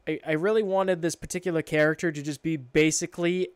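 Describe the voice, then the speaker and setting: A man's voice: on the high side, steady tone, quick pace, clear, resonant tone, dry recording. A man co-hosting a podcast in casual chat, ranting with plenty of swearing and exasperation. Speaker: podcast co-host.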